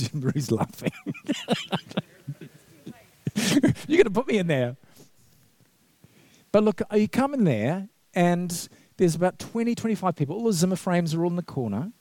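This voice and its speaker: Chatty vicar telling a story. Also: male voice, on the high side, dark tone, no echo. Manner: chatty storyteller, laughs often, acts out quotes. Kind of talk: conversational sermon with anecdotes. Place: church.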